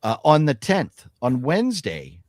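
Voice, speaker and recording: A man's voice: fairly high pitch, huge pitch swings, a little slow, darkish tone, dry recording, clean studio sound. A man hosting a casual podcast, chatting and reading off celebrity birthdays. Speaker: podcast host. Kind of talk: casual chat.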